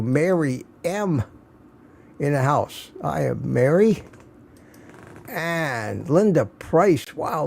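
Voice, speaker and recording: An older man hosts an easygoing livestream, greeting his regulars one at a time and reading their names and comments aloud in a folksy way. His voice is a bit higher than most men's, with a gravelly roughness and a dark, mellow tone.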